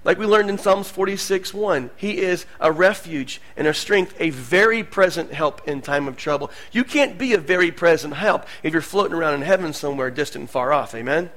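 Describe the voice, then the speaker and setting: Man preaching a sermon, high voice, swings from hushed to loud. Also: fairly quick, hardly any pauses. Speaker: pastor.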